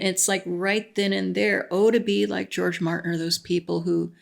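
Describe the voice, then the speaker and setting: Woman vlogger with a gravelly voice, enthusiastic and rambling, casual monologue. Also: medium pitch. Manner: enthusiastic and rambling, full of fillers.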